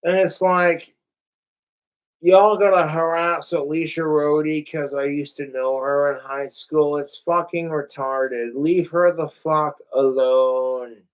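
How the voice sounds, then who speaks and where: A man's voice: fairly high pitch, steady tone, takes it slowly, clear, resonant tone, low-quality recording. A young man ranting profanely and rambling on a casual livestream, talking straight to his chat.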